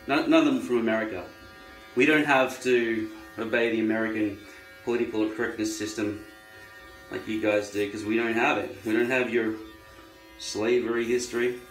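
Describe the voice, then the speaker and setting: A man's voice: on the low side, level tone, normal speed. Australian man, casual vlog, rambling and wry, echoey room, faint music behind. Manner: rambling, wry, musing aloud. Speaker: vlogger. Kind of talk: casual monologue while trimming hair. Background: electric trimmer buzzing.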